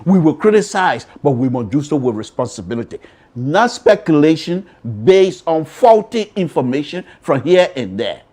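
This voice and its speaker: A Liberian man hosts a political commentary show, hammering his points home by repeating them. His voice sits a little high and swings widely in pitch, rising loud and dropping low as he talks. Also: very animated, moderate pace. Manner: emphatic, repetitive, shifts between loud and quiet. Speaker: radio show host.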